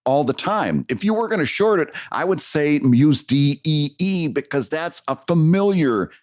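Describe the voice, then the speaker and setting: A man's voice: fairly high pitch, expressive, moderate pace, no room sound, clean studio sound. A man co-hosting a casual podcast, explaining comic lettering with frequent stammered restarts. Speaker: podcast co-host, comic creator.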